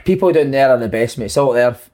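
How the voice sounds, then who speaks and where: A man's voice: mid-range voice, lively intonation, fast, a little mellow. A man hosting a casual chat, pushing the others on. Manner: pushy, egging others on.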